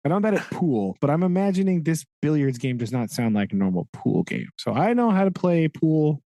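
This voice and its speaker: A man's voice: a little high, big pitch swings, brisk, mellow, no echo. A man co-hosting a casual book discussion, rambling along with lots of "like" and "right?" and laughing at his own asides. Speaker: podcast co-host.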